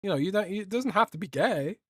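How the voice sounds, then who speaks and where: A man's voice: sits high, expressive, brisk, a bit bright, breathy edge, dry recording, studio quality. A young man hosting a casual livestream podcast, joking and rambling as he reads out chat. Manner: rambling, joking, swears a lot, trails off. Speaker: podcast host reading live chat.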